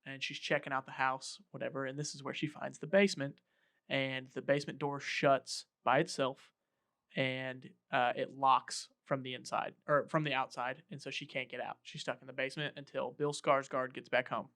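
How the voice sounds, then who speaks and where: A man's voice: mid-range voice, normal speed, creaky. A man hosting a casual podcast, animatedly retelling a film scene by scene. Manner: animated storytelling, acting out quotes. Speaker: podcast host. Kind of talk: casual chat.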